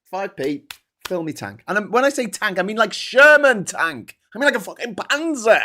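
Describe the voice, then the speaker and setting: British guy ranting about politics, highish voice, swears a lot, sarcastic and goading. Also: big pitch swings, moderate pace, pushed and bright. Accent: British English. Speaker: host. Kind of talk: casual political commentary.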